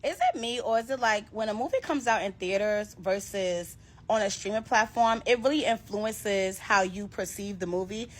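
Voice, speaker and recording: A woman with a mid-range voice thinks out loud to her camera and poses questions to her viewers. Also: mid-range voice, moderate pace. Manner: musing, questioning. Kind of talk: casual musing to camera.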